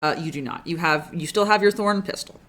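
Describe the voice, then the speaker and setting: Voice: mid-range voice, fairly quick, a bit bright. A game master narrating a tabletop game in a casual, meandering way with many fillers.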